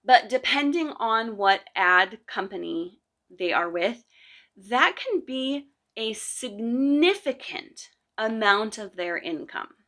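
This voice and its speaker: Woman podcast host and crochet teacher: unhurried, bright-toned, sincere, conversational advice. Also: on the high side, lively intonation. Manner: earnest, advice-giving, with frequent fillers and restarts. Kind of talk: casual podcast monologue.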